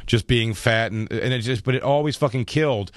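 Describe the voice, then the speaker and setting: A man who is a comedian, telling profane, animated stories as a radio studio guest. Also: medium pitch, a little fast, no echo. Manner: profane, animated anecdotes with laughs. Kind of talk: radio interview storytelling. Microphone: studio microphone.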